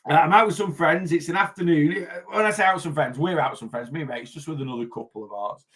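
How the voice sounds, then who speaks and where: A middle-aged Lancashire man talks through a weight loss live stream in a rambling, chatty way, full of asides and restarts. His voice sits a little high for a man. He greets viewers one by one and gives everyday diet tips. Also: lively intonation, quick pace, a bit bright. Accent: Lancashire English. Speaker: weight loss livestream host. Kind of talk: casual livestream chat.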